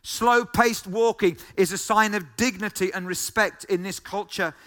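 A man delivers a sermon in a high, ringing voice. He keeps circling back to the same phrases and throws questions at the listeners. His tone stays bright and forward. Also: a little slow. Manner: emphatic, repeats key phrases, asks the listeners questions. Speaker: pastor.

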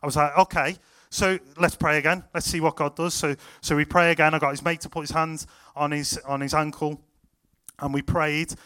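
A young man preaching to a youth group, retelling stories with excited, animated quotes. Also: fairly high pitch, normal speed. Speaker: youth pastor. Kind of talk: sermon storytelling to a youth group.

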